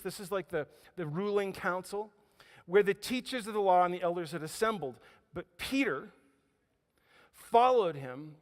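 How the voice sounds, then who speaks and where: Pastor, male, preaching a sermon with dramatic dynamics; long reverb of a big room. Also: sits high. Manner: dramatic storytelling, swings between loud emphasis and quiet near-whispers. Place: church auditorium. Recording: hall reverb.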